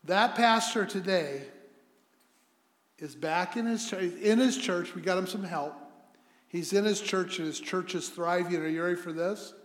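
High, bright-voiced preacher in an echoey church. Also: male voice, unhurried. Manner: animated, rising to loud emphasis in stories. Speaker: visiting preacher. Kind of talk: sermon with storytelling and prayer. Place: church sanctuary. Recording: echoey hall sound.

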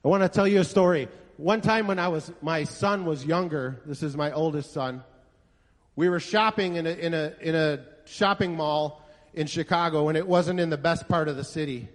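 A male pastor preaches to his congregation, telling a story and emphatically posing rhetorical questions. His voice is on the high side at normal speed, and the hall gives an echoey reverb.

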